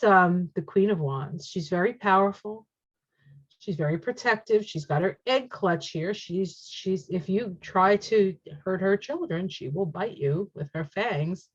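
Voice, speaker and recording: A woman giving a casual tarot reading, chatty and excitable, reacting aloud to each card as she turns it. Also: mid-range voice, slightly rough. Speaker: tarot reader. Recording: dull lo-fi sound.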